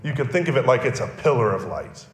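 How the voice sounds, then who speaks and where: A man's voice: mid-range voice, very animated, fast talker. A male pastor preaching a sermon, explaining and repeating key phrases for emphasis. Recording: echoey church hall.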